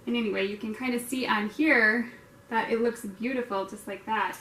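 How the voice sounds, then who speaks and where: A woman's voice: on the high side, fairly even intonation, normal speed, fairly bright tone. A woman hosting a casual painting tutorial, chatty and rambling with lots of fillers, poking fun at herself. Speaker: art tutorial host. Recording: echoey room, distant mic, faint noise.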